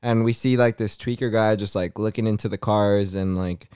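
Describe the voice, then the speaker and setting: A man's voice: lowish voice, fairly even intonation, moderate pace, darkish tone, clear, resonant tone, no room sound, clean studio sound. A man telling a story in casual podcast chat, laid-back and full of slang and swearing. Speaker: podcast co-host.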